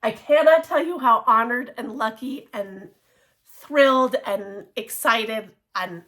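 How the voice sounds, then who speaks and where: Gushing, excitable woman with a slow, high voice. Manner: gushing and excitable, with many restarts and laughs. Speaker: cross-stitch vlogger. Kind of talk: casual show-and-tell vlog.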